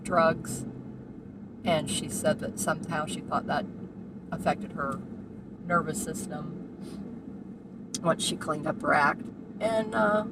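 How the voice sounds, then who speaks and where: A woman's voice: sits low, takes it slowly, long pauses. Rambling woman in her sixties driving. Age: 60s. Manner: meandering, with asides and fillers. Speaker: vlogger. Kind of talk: rambling personal storytelling. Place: inside a car while driving. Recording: car road noise behind. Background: car engine and road noise.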